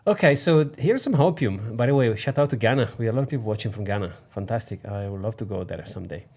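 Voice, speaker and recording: A man's voice: lowish voice, fast talker, a little mellow. A man co-hosting a casual livestream, upbeat and chatty, greeting viewers and walking through charts. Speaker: co-host.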